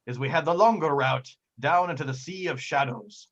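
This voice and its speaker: A man voicing a clumsy, gruff male pirate captain with a hook for a hand, who talks in old-timey pirate slang. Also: on the high side, moderate pace, a bit bright, dull audio.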